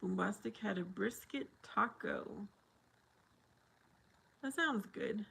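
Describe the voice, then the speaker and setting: A woman's voice: mid-range voice, slow pace, vocal fry, a bit bright, slightly rough, low-quality recording. A middle-aged woman hosting a casual livestream, chatting with viewers and laughing often. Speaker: livestream host.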